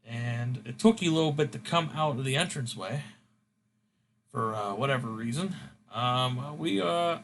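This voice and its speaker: A stern male general manager hurls halting accusations, pausing on fillers, voiced by a man. The tone stays bright and slightly high. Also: a little hiss or hum.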